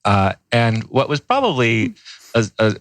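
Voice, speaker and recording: A man guest in a podcast interview, telling a folk tale at an unhurried storyteller's pace. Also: mid-range voice, wildly swooping pitch, fairly bright tone, dry recording, low-quality recording. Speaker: ice bath company co-founder.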